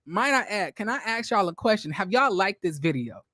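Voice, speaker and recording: A man chats his way through a reality-show recap, animated and talkative, often slipping into the voices of the people he quotes. His voice sounds close and dry. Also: sits high, fairly quick, no echo. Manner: animated, chatty, acts out quotes. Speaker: YouTube commentator.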